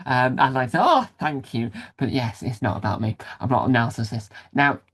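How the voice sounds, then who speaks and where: A man's voice: medium pitch, fairly quick, fairly bright tone, breathy edge. A man hosting a casual interview, rambling and self-deprecating with many restarts. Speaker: podcast host interviewer.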